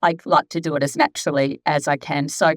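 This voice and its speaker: A woman's voice: low voice, fairly even intonation, a little fast, dry recording. A chatty woman in her fifties, a skin therapist talking casually at a live event, rambling with many asides. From Australia. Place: clinic event room.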